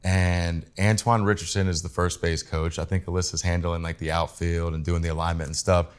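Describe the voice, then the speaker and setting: A man co-hosting a podcast, telling a story in a relaxed, rambling way. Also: low-pitched, brisk, clear, resonant tone. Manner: relaxed, rambling, many "like" fillers. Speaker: podcast co-host. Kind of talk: casual chat.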